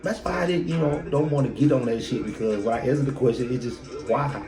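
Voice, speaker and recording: A man's voice: mid-range voice, fast. A man hosting a podcast, giving a blunt, profane motivational monologue full of rhetorical questions. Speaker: podcast host. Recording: echoey room with loud music behind.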